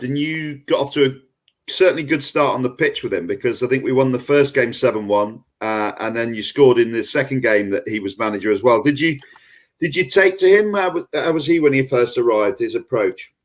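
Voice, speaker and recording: A man's voice: medium pitch, fairly quick. A man co-hosting a fan podcast, asking questions hesitantly with fillers and restarts. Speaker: podcast host, interviewer. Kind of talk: casual interview questions.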